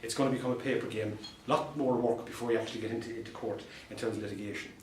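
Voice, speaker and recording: An Irish solicitor and mediator giving an anecdotal talk to fellow professionals, telling stories with dry humour and repeated punchlines. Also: male voice, mid-range voice, fairly even intonation, very fast, a little mellow, a little hiss or hum. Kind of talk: anecdotal presentation to a professional audience. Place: meeting room. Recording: distant mic in an echoey room.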